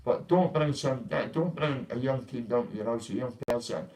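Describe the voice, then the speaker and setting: A man's voice: medium pitch, moderate pace, darkish tone, low-quality recording. Young man, casual ranting vlog, blunt, swearing. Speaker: vlogger.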